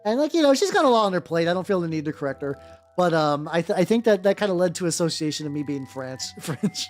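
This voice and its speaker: A VTuber streamer paints miniatures while chatting casually on her livestream, rambling with many restarts and stumbles and swearing casually, with faint music in the background. Her voice is on the low side, animated, fast and a little mellow.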